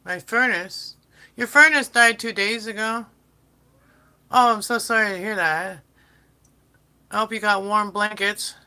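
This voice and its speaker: A woman's voice: medium pitch, a little slow, long pauses, pushed and bright. A woman hosting a casual baking livestream, chatting and rambling to her viewers and her kitten in a home kitchen. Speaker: livestream host. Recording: noisy background.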